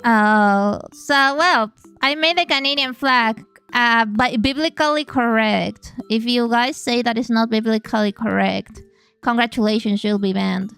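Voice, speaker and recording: A woman's voice: fairly high pitch, unhurried, gravelly, a bit bright, clean tone. A woman streamer who speaks natively, chatting casually and playfully on a live stream, swearing freely as she goes.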